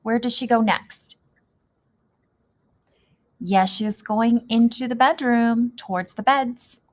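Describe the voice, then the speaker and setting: Slow, gentle woman teacher asking questions. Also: on the high side. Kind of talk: reading lesson for young children.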